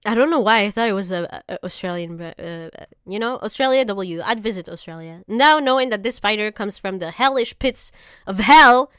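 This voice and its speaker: A woman streamer in casual reaction chat, profane and exaggerated, quick to laugh. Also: medium pitch, fairly bright tone, smooth, no room sound, studio quality.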